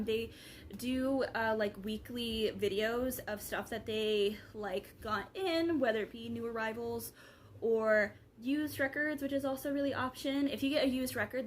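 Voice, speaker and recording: A woman's voice: fairly high pitch, slight background noise. Chatty young woman vlogging. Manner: rambling, chatty, lots of fillers. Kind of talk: casual vlog chat.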